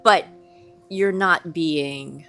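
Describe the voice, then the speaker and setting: Woman teacher type, low voice, calm and patient, faint music under her. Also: very slow. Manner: calm, reassuring, explains patiently. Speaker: early childhood educator, guest. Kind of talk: relaxed podcast conversation.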